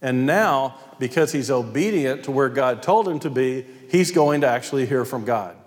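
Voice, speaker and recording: A man's voice: mid-range voice, lively intonation, normal speed. Man preaching under long reverb. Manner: storytelling, emphatic retelling of scripture. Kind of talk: sermon.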